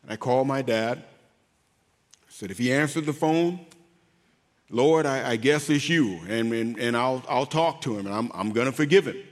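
A man giving an emotional faith testimony as an interview guest, speaking haltingly and repeating words as he goes. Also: mid-range voice, big-room sound. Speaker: guest, former pro football player.

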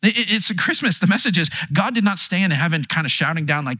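A man's voice: sits high, animated, quick pace, sharp tone, slightly rough, no echo. A man preaching a sermon, earnest and conversational, often restarting his words and acting out quotes. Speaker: pastor.

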